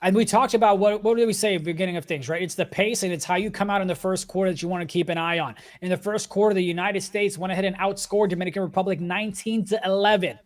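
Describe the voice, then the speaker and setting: A man commentating an esports basketball match, breaking down stats and plays in a steady, analytical way. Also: high voice, quick pace, few pauses. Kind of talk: sports commentary.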